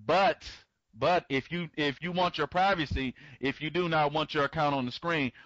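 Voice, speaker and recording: At normal speed and with a fairly high, fairly bright voice, a man hosts a live webinar for an online members' conference. He rambles, repeats himself, stammers through restarts, and greets attendees by name. There's no room sound and the highs are cut off.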